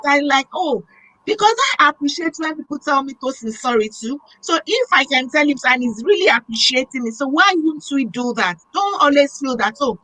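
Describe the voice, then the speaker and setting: A woman hosting a talk show, telling a personal story in a lively, emotional way. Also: high voice, no room sound, rough recording. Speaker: host. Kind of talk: casual interview chat.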